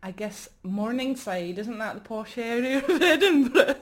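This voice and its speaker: Giggly high-voiced woman on the radio. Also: expressive, unhurried. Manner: giggly, laughs often, rambling. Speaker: radio co-host. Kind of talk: playful live radio banter. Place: radio studio.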